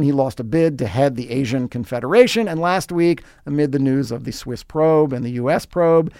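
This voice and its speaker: A man's voice: mid-range voice, no room sound, clean studio sound. A man hosting a podcast, reading scripted sports commentary with sarcastic, wry asides. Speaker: podcast host.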